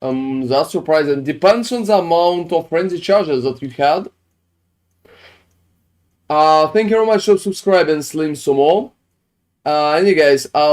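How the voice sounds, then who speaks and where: A man's voice: on the high side, unhurried, long pauses, darkish tone. Casual swearing male streamer. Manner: casual, swears often, non-native phrasing. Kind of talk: casual livestream chat, build reviews.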